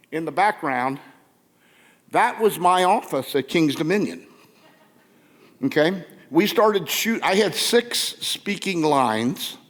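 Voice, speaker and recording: Older guy telling stories to a crowd in a theater, laughs a lot, does the voices, long hall echo. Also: a little high. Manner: animated, laughing, acts out quotes. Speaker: conference speaker telling stories. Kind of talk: casual storytelling to a live audience. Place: large theater with audience. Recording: long reverb from a big hall.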